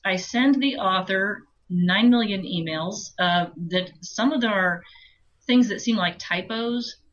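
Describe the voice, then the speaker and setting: A woman audiobook narrator talking casually as an interview guest, telling animated stories with laughs. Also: medium pitch, measured pace, rough recording. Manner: chatty, animated storytelling with laughs.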